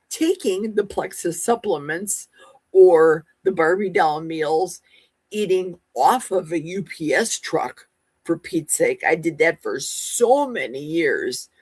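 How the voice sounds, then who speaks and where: A woman in her sixties with a husky, slightly breathy voice hosts a casual live stream. She talks at an unhurried, drawn-out pace, sassy and chatty as she answers her viewers. The sound is close and dry, with no room around her. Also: lowish voice, dry recording. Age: 60s. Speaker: livestream host. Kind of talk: casual live-stream chat reading comments.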